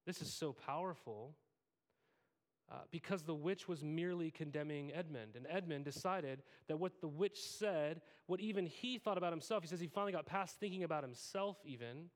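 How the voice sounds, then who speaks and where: A man's voice: fairly high pitch, normal speed. A man in his thirties preaching a sermon as pastor, conversational and self-deprecating, acting out quoted lines.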